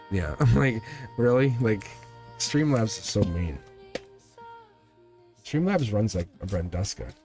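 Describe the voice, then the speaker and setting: A man's voice: medium pitch, expressive, measured pace, pauses often, soft background music. A man giving live-stream tarot readings to viewers in a rambling, earnest way, often restarting his sentences and getting emotional.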